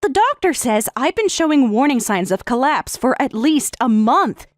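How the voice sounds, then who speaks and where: A woman voicing a calm, sarcastic wife in a text-message story, speaking in a matter-of-fact way. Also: sits high, moderate pace, no room sound, clean studio sound. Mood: cool, sarcastic. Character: calm, sarcastic wife who has left her husband.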